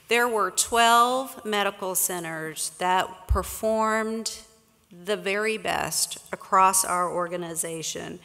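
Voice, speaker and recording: A woman's voice: mid-range voice, sharp tone. Woman presenting awards in a hall. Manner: calls out names and sites, some slips and restarts. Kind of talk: slow announcing of names at a conference. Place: large conference hall with an audience. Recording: distant echoey hall, crowd murmur.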